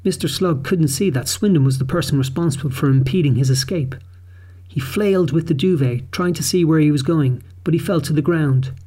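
Male narrator for a kids' audiobook, steady and clear, mellow and slightly high. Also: brisk.

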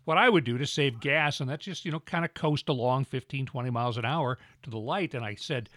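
A man's voice: medium pitch, fairly quick, fairly bright tone, no room sound, clean studio sound. A middle-aged man co-hosting a podcast, telling wry anecdotes with easy laughs in casual banter. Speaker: podcast co-host.

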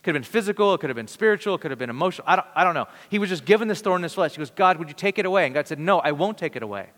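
A man preaching a sermon in an earnest, conversational way, with dramatic pauses. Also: a little high, expressive, fairly bright tone. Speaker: pastor. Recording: long reverb of a large hall.

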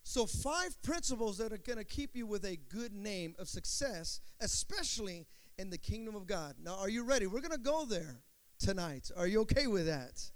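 A middle-aged man preaching a sermon as pastor, calling for amens and stretching out words for emphasis. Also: sits high. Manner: call-and-response preaching, drawn-out emphatic words.

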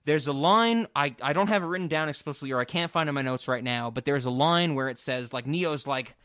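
A man co-hosting a casual film podcast, excitable and rambling, swearing freely as he talks. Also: mid-range voice, a little fast, few pauses, no room sound, studio quality. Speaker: podcast co-host.

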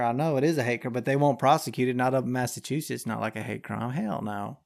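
Talking fast with vocal fry and few pauses, this young male podcast host has a mid-range voice. His profane news commentary is a drawling, slang-heavy rant laced with constant cursing.

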